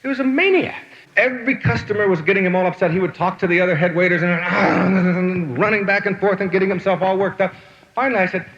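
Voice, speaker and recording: A man's voice: high voice, quick pace, fairly bright tone, big-room sound, dull audio. A man giving a motivational lecture, telling stories and asking the audience rhetorical questions. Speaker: motivational speaker.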